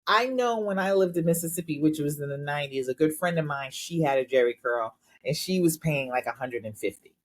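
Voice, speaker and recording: A middle-aged woman co-hosting a podcast with a notably low voice. She talks in a measured, reflective manner and speaks candidly about her own habits. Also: animated. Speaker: podcast co-host. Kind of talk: casual chat.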